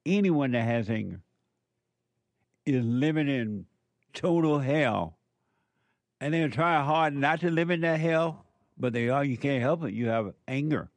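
A man's voice: medium pitch, animated, a little slow, pauses often, dry recording. A man preaching a sermon, emphatic and repetitive as he addresses a live audience.

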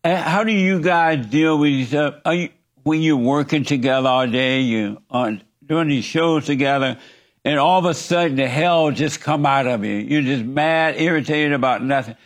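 A man hosts the show and needles his guests with provocative, teasing questions. His voice sits a little higher than most men's. He pushes each point with a playful edge. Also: normal speed. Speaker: host. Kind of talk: talk show interview.

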